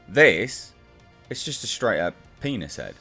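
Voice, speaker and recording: A man's voice: lowish voice, sing-song, unhurried, sharp tone, faint music behind. Exasperated man ranting. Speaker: comic book reviewer. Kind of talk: casual review vlog.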